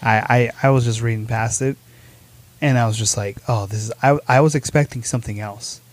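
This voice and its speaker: A man's voice: medium pitch, brisk. A man hosting a podcast, reading short horror stories aloud and chatting, often stumbling over words and correcting himself. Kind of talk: casual reading and chat.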